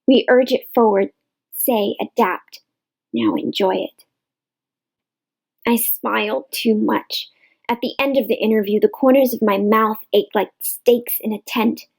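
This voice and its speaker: A woman reading a novel aloud in measured literary narration, in a rough home recording. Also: fairly high pitch, darkish tone, rough recording. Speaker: audiobook reader.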